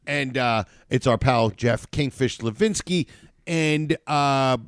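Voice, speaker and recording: A man's voice: medium pitch, takes it slowly, smooth, dry recording. A man co-hosting a casual podcast, rambling through plugs and banter on a studio mic. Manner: lively, rambling plugs with fillers. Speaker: podcast co-host.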